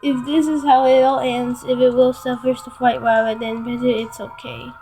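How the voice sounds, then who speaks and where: Halting woman reading a story. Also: fairly high pitch, little pitch movement, warm tone, soft background music, low-quality recording. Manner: halting, stumbles and restarts words. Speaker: story reader. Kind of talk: dramatic first-person story reading.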